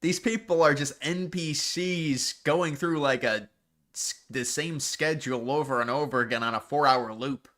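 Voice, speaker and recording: A man's voice: fairly high pitch, normal speed, a bit bright. A man commentating live on a political clip, mocking and sarcastic, laughing at what he hears.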